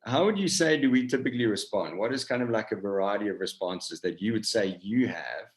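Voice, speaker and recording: A man's voice: on the low side, animated, fairly quick. A South African man giving a casual Bible lesson over a video call, conversational with lots of fillers, asking his group questions. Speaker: campus ministry leader.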